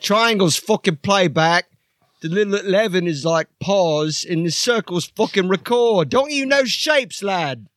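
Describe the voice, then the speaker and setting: A man voicing an angry, foul-mouthed young British lad who shouts and swears constantly. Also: high-pitched, lively intonation, measured pace, dry recording, studio quality, voice pushed up. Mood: angry shouting.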